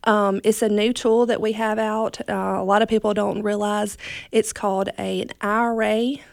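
A woman's voice: medium pitch, level tone, moderate pace, gravelly, no echo. A woman with a Southern accent, a foundation staffer speaking as a radio guest in a friendly way with many hesitations. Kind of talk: casual radio interview.

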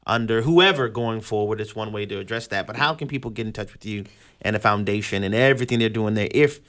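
A man's voice: on the low side, fast, a bit bright, no room sound, clean studio sound. Male radio host, casual rambling delivery with frequent restarts. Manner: joking, rambling, repeats words.

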